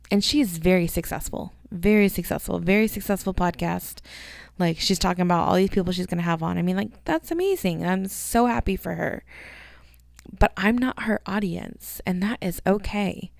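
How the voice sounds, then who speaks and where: Woman podcaster rambling on, cusses a lot, lots of vocal fry, dry close mic. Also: mid-range voice, lively intonation, moderate pace, no room sound. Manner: rambling, chatty, swears freely. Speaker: podcast host. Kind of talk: casual solo podcast chat.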